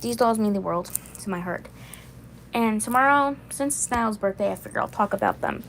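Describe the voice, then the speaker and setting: A woman's voice: medium pitch, animated, normal speed, creaky, fairly bright tone, a little hiss or hum, low-quality recording. A woman in her twenties chatting casually on a livestream, rambling and repeating herself. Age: 20s. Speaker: vlogger.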